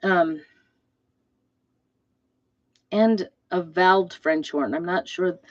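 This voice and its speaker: A woman's voice: fairly low pitch, takes it slowly, no echo. A woman casually showing off new craft designs, chatty and rambling, with lots of ums and asides. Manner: self-described trumpet player, fussy about instrument details. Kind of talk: casual show-and-tell vlog. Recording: dull, slightly lo-fi dry recording.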